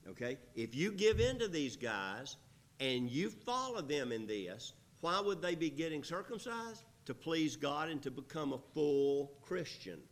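A man teaching the Bible at an unhurried pace, with a pitch that swings widely as he lifts his voice for quoted verses. He talks to his listeners conversationally, stopping to check they follow. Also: big pitch swings. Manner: conversational, rising to emphatic when reading scripture; frequent fillers and checking in with listeners.

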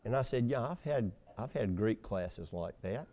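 A man preaching a sermon, telling stories with loud emphasis and hushed asides. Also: on the low side, expressive, normal speed, a little hiss or hum. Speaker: pastor.

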